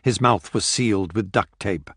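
A man with a lowish voice reads a thriller audiobook in steady, measured narration. The recording is close and dry, with no room around it. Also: husky, no echo.

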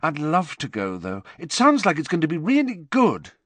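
A man voicing an eager, gossipy teenage schoolgirl, pitched above his own voice. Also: huge pitch swings, normal speed, a bit bright, breathy edge, no room sound, heavily acted.

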